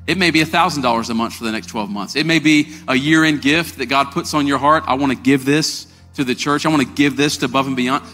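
A man preaching a sermon as pastor, conversational and calling the congregation y'all, with his voice climbing high and emphatic as he retells stories. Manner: rising to an excited, emphatic pitch when retelling stories. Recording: long hall reverb with faint music.

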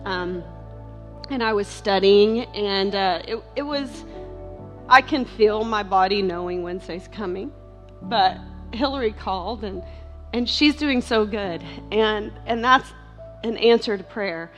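Middle-aged woman, heartfelt halting testimony, mid pitch, soft music underneath. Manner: heartfelt, halting, many fillers and restarts. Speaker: speaker sharing testimony at a church. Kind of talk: emotional personal testimony.

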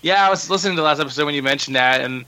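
A man's voice: a little high, very fast, sharp tone. A man co-hosting a podcast, chatting casually in a joking, chatty way. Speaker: podcast co-host. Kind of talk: casual chat.

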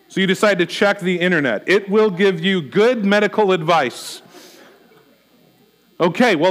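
A middle-aged male pastor with a noticeably high voice is delivering a sermon. He speaks earnestly, posing anxious rhetorical questions as if thinking them through aloud.

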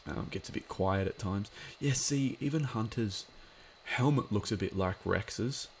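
A man's voice: on the low side, unhurried, slight background noise. A man giving a casual watch-along commentary of an episode, chatty and rambling with lots of filler words.

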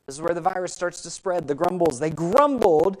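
A woman pastor preaching a sermon, rising in pitch and volume for emphasis and asking the congregation questions. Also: lively intonation, fairly quick, a little mellow, low-quality recording. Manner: speaks directly to the congregation with questions.

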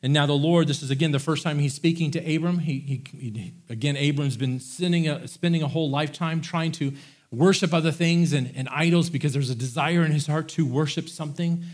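A man's voice: on the high side, fairly quick. Conversational middle-aged male preacher. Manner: conversational, paraphrases scripture in a casual voice. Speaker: pastor. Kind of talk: sermon.

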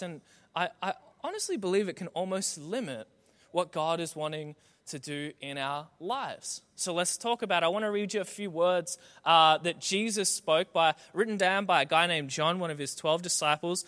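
A young man preaching a sermon, telling stories with animated, self-mocking humor. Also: high-pitched, long reverb tail. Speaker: pastor.

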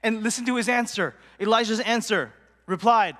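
A man preaches in a loose, conversational way, with fillers and asides to his congregation. His voice sits high and sounds bright. A long reverb trails his words through the church hall. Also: normal speed. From Portland. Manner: chatty, full of fillers, acts out quotes, drops to a whisper for effect. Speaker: pastor. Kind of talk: casual sermon.

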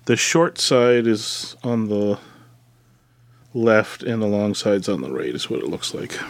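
A man's voice: on the low side, sing-song, a little slow, no echo. A man co-hosting a podcast, chatting casually and rambling with many fillers while he builds something. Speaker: podcast co-host.

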